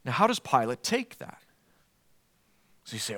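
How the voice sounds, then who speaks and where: A man's voice: high voice, huge pitch swings, normal speed, pauses often, a bit bright. A man preaching an expository sermon in an earnest, emphatic way, posing rhetorical questions to his listeners.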